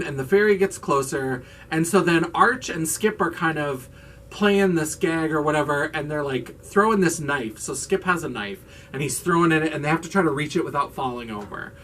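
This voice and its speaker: A man's voice: fairly high pitch, moderate pace, a bit bright, distant mic. Chatty, sarcastic man recapping a movie. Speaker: drag queen video host.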